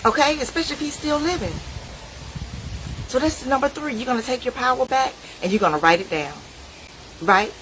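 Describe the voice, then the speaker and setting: Animated motivational woman speaker. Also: medium pitch, a little hiss or hum, rough recording. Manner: preachy, animated, talks straight to the viewer. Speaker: inspirational speaker. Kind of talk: motivational talk to camera.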